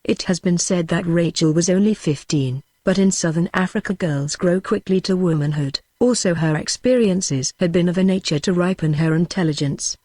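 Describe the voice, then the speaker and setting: A text-to-speech woman's voice with a British English accent narrating a novel in an even, synthetic manner. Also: lowish voice, moderate pace, hardly any pauses, dry recording. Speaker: audiobook narrator. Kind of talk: scripted narration.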